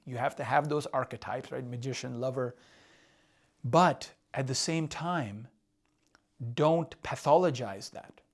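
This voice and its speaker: A man coaching husbands in a candid, confessional way, often asking "right?" and repeating himself. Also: mid-range voice. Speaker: relationship coach. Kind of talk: casual advice talk. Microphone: drawing on a board while talking.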